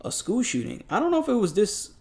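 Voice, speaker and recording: A young man co-hosting a casual podcast, reading news articles aloud with halting fillers and restarts. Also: high voice, huge pitch swings, a little mellow. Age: young adult. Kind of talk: casual news-reaction chat.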